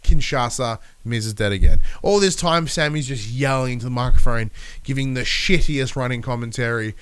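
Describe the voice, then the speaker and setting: A man with a stuffy nose and a smooth, clear voice, rambling through a solo recap. He swears freely and talks loosely, sounding a little under the weather. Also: mid-range voice, moderate pace, fairly bright tone. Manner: rambling, swears, acts out wrestlers' lines. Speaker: podcast host.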